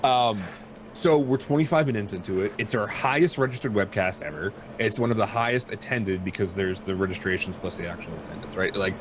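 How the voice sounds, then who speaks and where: A man's voice: fairly low pitch, fairly quick. Guy hosting a podcast from his house, rambly and self-mocking, lots of hiss behind him. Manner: rambling self-deprecating storyteller, animated. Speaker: podcast host. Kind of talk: casual chat. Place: home.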